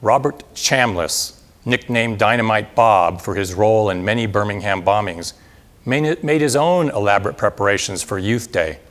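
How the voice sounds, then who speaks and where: Low-voiced man reading a dramatic account. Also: normal speed, fairly bright tone. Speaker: speaker reading historical narration. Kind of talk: read narration, then addressing an audience.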